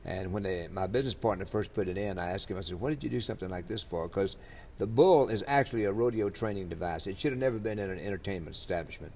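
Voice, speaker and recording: A man's voice: deep voice, quick pace, hardly any pauses, darkish tone, a little hiss or hum. An older man from Louisiana, telling long rambling stories in an interview, full of fillers and restarts. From Louisiana, USA. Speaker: interviewee, country singer. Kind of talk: storytelling in an interview.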